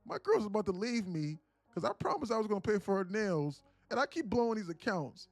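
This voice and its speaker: A man doing an irate, broke young guy who rants loudly and in exasperation at a streamer. The voice rides higher than normal and swings widely in pitch. Faint music plays underneath. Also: big pitch swings, brisk, no room sound. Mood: exasperated. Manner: loud, exasperated ranting. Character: irate broke young male viewer demanding trades.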